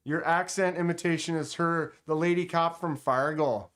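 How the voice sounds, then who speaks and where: A man's voice: a little high, steady tone, moderate pace, few pauses, a bit bright. A man hosting a casual knife livestream at a table indoors, chatting enthusiastically and reading the chat aloud. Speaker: knife channel host.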